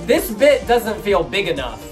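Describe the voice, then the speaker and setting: A man hosting a music reaction, chatting casually and gushing, with sudden squeals that trail off into slower musing. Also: high voice, sing-song. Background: faint music.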